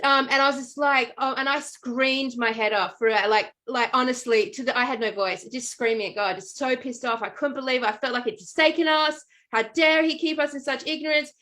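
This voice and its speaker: A woman telling a long personal story in casual chat, animated and full of "like" and "um". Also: high-pitched, fairly quick, hardly any pauses. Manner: animated storytelling with many fillers. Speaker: podcast co-host.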